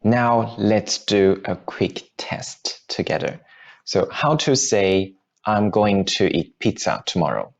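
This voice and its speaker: Slow deep-voiced man teaching grammar. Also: animated, creaky. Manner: patient, explains with repeated examples. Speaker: language teacher. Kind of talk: grammar lesson.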